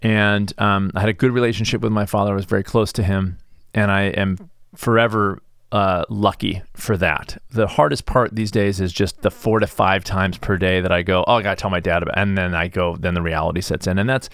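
A middle-aged man with a fairly low voice talks alone on his podcast, his words halting and soft as he searches for them. He sounds subdued and grieving. The sound is dry and close, with no room around it. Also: steady tone, gravelly, clear, resonant tone, no echo. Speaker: podcast host and stress management coach. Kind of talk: reflective solo podcast monologue.

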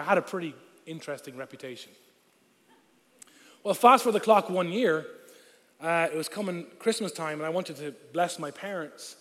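A pastor in his thirties preaches from a church stage, his voice sitting high for a man and bouncing with animated, joking energy. He slips into quick acted-out voices as he tells his story. The sound rings out with the long reverb of a big hall. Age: 30s. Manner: animated, humorous, acts out voices. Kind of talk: storytelling sermon.

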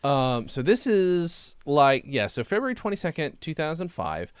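A man talks in a loose, rambling way, often cutting himself off and swearing casually. His pitch rises and falls a lot, and his voice is smooth and clear. He is recorded close on a dry mic. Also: sing-song, normal speed, dry recording. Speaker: podcast co-host. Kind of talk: casual chat reviewing old videos.

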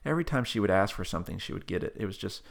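A man with a low-pitched voice speaks as an interview guest. There is a gravelly fry in his voice, and he talks in an earnest, loose way, full of casual fillers as he tells a faith story and prays. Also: lively intonation, racing. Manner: earnest, conversational, with frequent "like" fillers. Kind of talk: personal faith story and spoken prayer.

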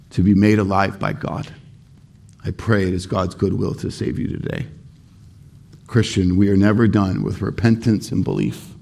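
A male pastor preaches with a low, mellow voice. He speaks earnestly and leans into key words by slowing down. His tone is warm and rounded. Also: creaky. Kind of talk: sermon.

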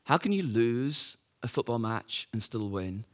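A man's voice: mid-range voice, expressive, measured pace. A man preaching a sermon, telling the story in a conversational way with rhetorical questions and fillers.

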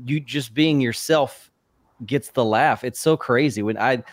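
A man's voice: mid-range voice, a little slow, no room sound. A man hosting a casual conversation, agreeing enthusiastically. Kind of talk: casual chat.

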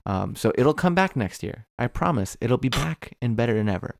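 A man's voice: medium pitch, lively intonation, normal speed, creaky. A man co-hosting a podcast from home on his own mic, chatting casually and reading out where to follow the show. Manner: laid-back, reads out social links. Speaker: podcast co-host. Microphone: records remotely on own mic.

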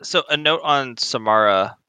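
A man's voice: mid-range voice, expressive, moderate pace, sharp tone, clean tone, no echo. A man talking casually about the tabletop campaign he wrote, often hesitating and restarting his sentences. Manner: hesitant, many restarts and fillers. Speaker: campaign author and game master. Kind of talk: casual discussion.

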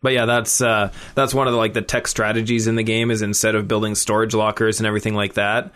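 A man's voice: lowish voice, flat delivery, fast, fairly bright tone. A man co-hosting a podcast, a streamer who explains things at length in easygoing casual chat.

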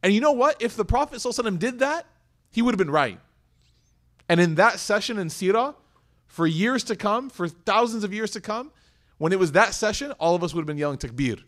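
A man giving a lively Islamic lecture to a live audience, asking questions and acting out quoted voices. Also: high-pitched, fast talker.

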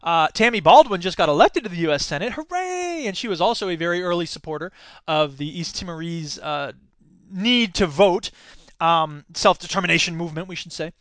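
An American man in his thirties telling a story in a talk, animated, acting out quoted voices, with many fillers and restarts. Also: on the high side, brisk, no echo. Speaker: speaker giving a talk. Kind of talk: storytelling lecture.

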